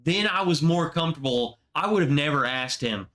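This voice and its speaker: A man hosting a casual livestream chat, telling a story in a slow, emotional, slangy way, close to tears. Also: a little high, expressive, a bit bright. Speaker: livestream host.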